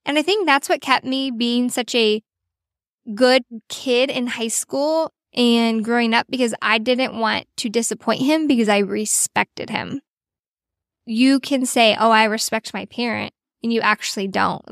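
Earnest woman podcast host, bright pitch. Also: no echo, studio quality. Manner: earnest, animated storyteller. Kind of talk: casual podcast chat.

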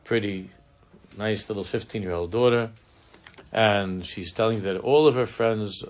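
A man teaching a Chassidic text in an earnest, halting, conversational way, dropping in Hebrew and Yiddish terms. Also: lowish voice. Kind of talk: conversational Torah class.

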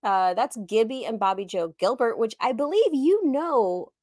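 A woman co-hosting a podcast over a video call, who giggles often and tells stories in a relaxed, chatty way. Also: fairly high pitch, normal speed, dry recording, clean studio sound. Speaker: podcast co-host. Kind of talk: casual chat.

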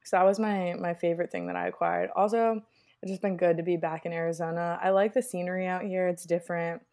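Laid-back young woman, lowish voice. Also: animated, fast, a little mellow. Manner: laid-back, slangy, teasing. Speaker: podcast co-host. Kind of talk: casual chat.

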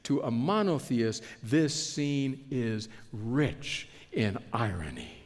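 A man preaching a sermon in an animated way, acting out the characters in the story he tells. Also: mid-range voice, takes it slowly, hardly any pauses. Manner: animated, acts out the characters he describes. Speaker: pastor. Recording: long hall reverb.

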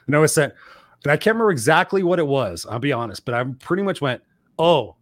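Animated, profane male storyteller. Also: on the high side, fast talker, no room sound. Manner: animated, profane, acts out quotes loudly. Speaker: co-host. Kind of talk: casual storytelling chat.

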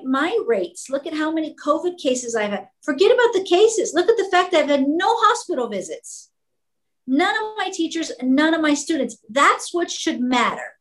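A woman's voice: high voice, poor audio. A woman who owns a school answers interview questions with passion, speaking emphatically and repeating words when she gets fired up. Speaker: school owner.

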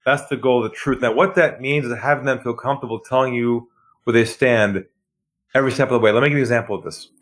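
A man being interviewed on a podcast as a sales trainer, telling stories and acting out phone calls, dropping his voice low for effect. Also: quick pace. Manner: animated storyteller, acts out phone calls, drops voice low for effect.

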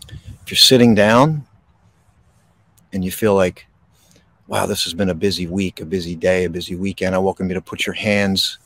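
A man hosting a podcast, guiding a slow, soothing breathing meditation outdoors. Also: low voice, no echo. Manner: slow, soothing, calm delivery with pauses. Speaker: podcast host and meditation guide. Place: outdoors in a park. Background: birds.

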